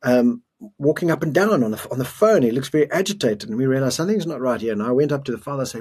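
Man, middle-aged, from South Africa, podcast guest, earnest storytelling, restarts, husky voice. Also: medium pitch, expressive, fast talker, a little mellow. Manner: earnest, emotional retelling with restarts.

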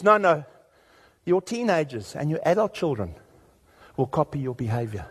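A man preaching a sermon as pastor, telling stories with big, animated swings in his voice. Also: high-pitched, a little fast, husky.

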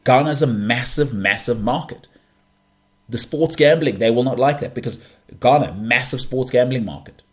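A man's voice: mid-range voice, normal speed. Emphatic man ranting about sport. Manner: emphatic, repeats himself, animated rants. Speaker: podcast host. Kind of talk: opinionated sports talk.

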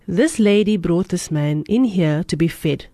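A woman's voice: lowish voice, unhurried, dark tone, dry recording. A woman voicing an easygoing male police officer who speaks in a plain, matter-of-fact way.

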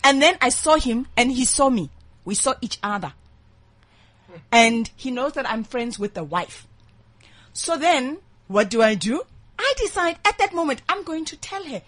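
A woman hosting a casual talk show from a studio, telling a story in an animated way and laughing often. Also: sits high, moderate pace. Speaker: host. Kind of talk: casual radio-show chat.

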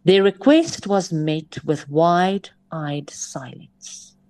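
A woman's voice: sits low, animated, drawn-out words, dark tone. A woman, telling a story in a sermon and at times dropping her voice to a near whisper. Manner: switches between English and Afrikaans phrases. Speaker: preacher.

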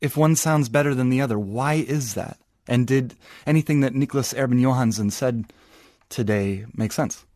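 A man co-hosts a relaxed podcast chat with a middle-height voice. He thinks aloud and slows down to explain the meanings of words. The sound is close and dry, with no room echo. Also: medium pitch. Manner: thoughtful, explains word meanings slowly. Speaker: podcast co-host. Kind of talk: casual chat.

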